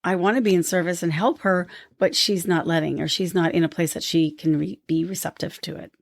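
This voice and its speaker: A woman co-hosting a podcast, telling a story earnestly and lively when she quotes people. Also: on the low side, fairly quick, gravelly, dry recording. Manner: earnest storytelling, animated when quoting others. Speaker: podcast co-host. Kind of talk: casual conversation.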